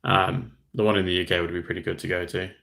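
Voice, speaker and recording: A young man with an Australian accent, hosting a relaxed livestream. His voice sits very low with a gravelly fry, and he chats loosely, reading out viewer comments and answering them. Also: fast talker. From Western Australia. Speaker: livestream host. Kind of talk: casual livestream chat.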